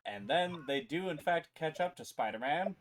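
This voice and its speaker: A man's voice: fairly high pitch, animated, moderate pace, a little hiss or hum. A man co-hosting a casual chat, animatedly retelling a story, swearing and acting out quotes. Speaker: podcast co-host.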